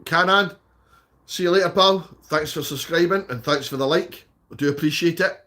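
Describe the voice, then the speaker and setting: A man's voice: fairly high pitch, moderate pace, bright, forceful tone. A Scottish man chatting casually on a live stream, reading out viewer comments and answering them. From Scotland.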